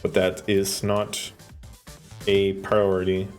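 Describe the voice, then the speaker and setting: Speaking slowly in a low, completely flat voice, a man livestreams from his home setup as he codes. He rambles and jokes, with sudden outbursts of swearing, into a desk microphone close in front of him, and faint music plays behind.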